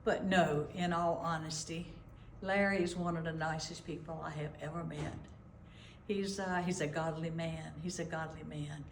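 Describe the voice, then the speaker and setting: A woman's voice: low voice, fairly even intonation, moderate pace, a little hiss or hum. A woman giving playful, teasing remarks for a coworker's tribute. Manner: playful and teasing, then sincere. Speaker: longtime employee interviewed for a tribute. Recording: echoey room.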